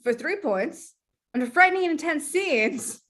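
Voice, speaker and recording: Woman, game host, high and bright, lively delivery, laughs through clues. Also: moderate pace. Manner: laughing, playful, reads clues aloud. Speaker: guest game show host. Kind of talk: casual game show hosting.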